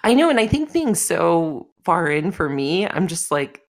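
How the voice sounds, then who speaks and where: A woman's voice: fairly low pitch, big pitch swings, measured pace. A woman hosting a casual podcast chat, laughing often and swearing freely. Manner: swearing, laughing, spoiler-savvy. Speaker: podcast host. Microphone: desk microphone.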